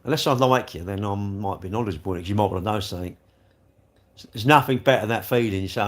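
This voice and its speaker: A man hosting a live stream reads his chat and rambles jokily through replies to viewers' comments in casual conversation. He talks fast, with a voice on the low side.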